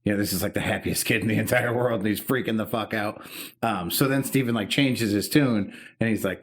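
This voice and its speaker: A man's voice: fairly low pitch, a little fast. A man in his thirties co-hosting a podcast, telling an emotional story in casual, profane chat. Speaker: podcast co-host.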